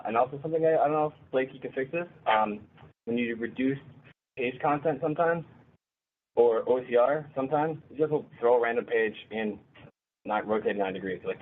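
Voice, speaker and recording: A man with a slightly low voice answers audience questions at a user group meeting. He is informal and practical and thinks aloud as he goes. The sound is tinny and narrow, like a phone line, with a faint hiss behind. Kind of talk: casual Q&A answers.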